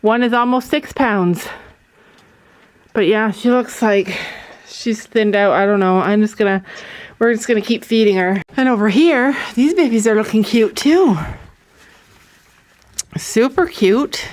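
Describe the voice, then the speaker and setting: A woman vlogging outdoors on a snowy farm, chatting excitedly to her viewers and often repeating herself. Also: a little high, measured pace, long pauses, dry recording, rough recording. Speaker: vlogger on a family homestead. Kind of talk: casual vlog talk to camera.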